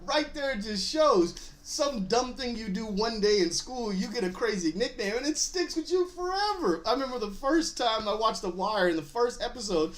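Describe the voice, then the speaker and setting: A man's voice: high voice, animated, normal speed, few pauses. Male host, 30s, casual recap talk, chatty with frequent laughs. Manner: chatty, laughs often while retelling scenes.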